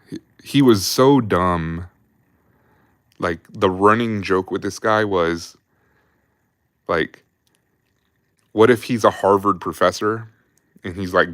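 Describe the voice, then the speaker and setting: A man's voice: low-pitched, a bit bright, dry recording, studio quality. A man, an army veteran hosting a livestream, telling war stories casually with lots of swearing and fillers while drinking beer. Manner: rambling, profane, heavy on fillers. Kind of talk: casual storytelling.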